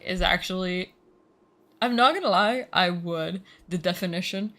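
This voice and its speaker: Brief: female streamer, casual live chat, slightly low voice, talkative and swears a lot. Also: measured pace. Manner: chatty, swears freely, reacts loudly.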